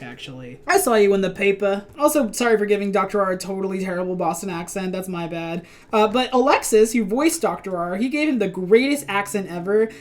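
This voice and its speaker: A young adult woman, a cartoonist, talking casually and self-deprecatingly about her own comic. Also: mid-range voice. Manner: chatty, self-deprecating, laughs easily.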